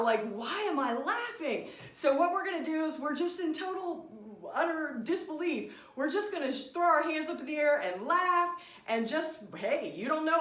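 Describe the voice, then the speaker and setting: A woman's voice: high-pitched, fairly bright tone, echoey room. A woman leading an online laughter yoga class, coaxing the group through exercises and breaking into laughter herself. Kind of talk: guided group exercise instruction.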